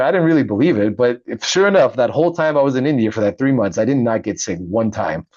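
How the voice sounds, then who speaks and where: A middle-aged man, a veteran, telling his story in a casual interview, animated and laughing often. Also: mid-range voice, fast talker, hardly any pauses, no room sound, highs cut off. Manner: animated, laughs often, acts out quoted voices. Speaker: podcast guest, Navy veteran and author.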